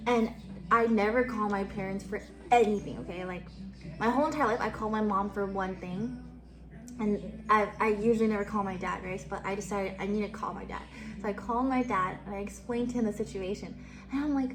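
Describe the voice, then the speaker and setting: Lively young woman streamer, bright voice. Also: a little high, normal speed. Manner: animated, laughing often, swears casually. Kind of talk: casual storytelling to stream chat.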